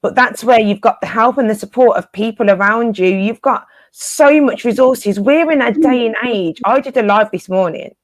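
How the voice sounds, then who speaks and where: A woman's voice: a little high, moderate pace, hardly any pauses, no echo. A woman co-hosting a casual spiritual live chat, encouraging her listeners and often repeating phrases for emphasis in informal, slangy speech.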